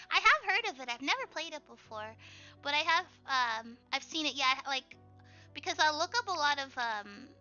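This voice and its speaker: A young woman with a squeaky, high and very bright voice chats away while she draws on a livestream, bubbly and quick to laugh. Her audio sounds dull and lo-fi, with faint music playing underneath. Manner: bubbly, chatty, laughs often. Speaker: streamer. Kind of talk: casual chat while drawing on stream.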